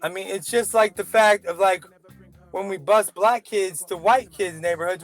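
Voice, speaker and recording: Man, vlogger, casual rant, profane, rambling, high voice, faint music behind. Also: moderate pace. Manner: profane, rambling, self-doubting.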